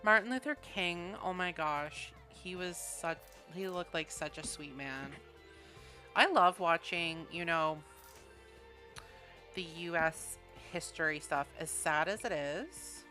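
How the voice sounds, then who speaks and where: Chatty woman with a bright voice. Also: on the low side, slow pace, faint music behind. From Canada. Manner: rambling, chatty, laughs often. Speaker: gaming streamer. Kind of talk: casual chat while building in a video game.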